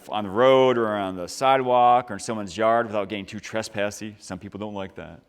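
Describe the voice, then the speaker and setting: A man giving a lively, upbeat motivational talk to a high school audience and asking the crowd questions. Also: smooth. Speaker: motivational speaker. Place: large school hall. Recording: long reverb from a large hall.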